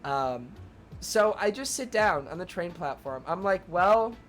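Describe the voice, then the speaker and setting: A man's voice: sits high, animated, a little slow, a bit bright, slight background noise. Rambling young male streamer, swearing. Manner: rambling, fills every phrase with "like", swears a lot; breaks off to thank viewers, laughs at himself. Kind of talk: casual storytelling to a live chat.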